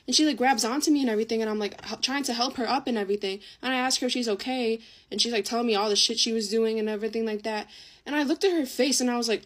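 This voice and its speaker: A woman's voice: fairly high pitch, fast talker. A teenage girl telling a story in a casual, chatty way, swearing often and acting out what people said. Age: teens.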